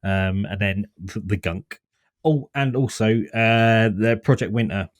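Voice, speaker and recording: A man co-hosting a gaming podcast, telling animated, sweary stories in casual chat. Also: lowish voice, a little slow, no room sound, studio quality. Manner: animated storyteller, swears freely. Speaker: podcast co-host.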